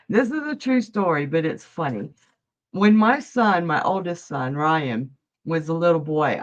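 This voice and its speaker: A middle-aged woman giving psychic readings on a live stream, chatty and jokey, laughing often. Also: fairly low pitch. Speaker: psychic reader. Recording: dull lo-fi stream audio.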